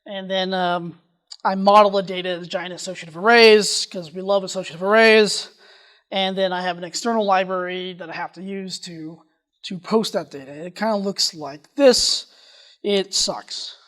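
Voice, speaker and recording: A conference speaker giving a technical presentation, talking quickly and often restarting sentences. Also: medium pitch, steady tone, fairly bright tone.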